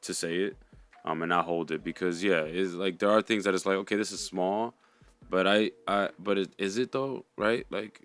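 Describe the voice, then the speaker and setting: A man with a very low voice talks through feelings in a reflective chat. He speaks thoughtfully, often restarting his sentences. Faint music plays underneath. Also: fairly even intonation, fairly bright tone, smooth. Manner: thoughtful, halting, many restarts. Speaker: co-host. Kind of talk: reflective podcast conversation.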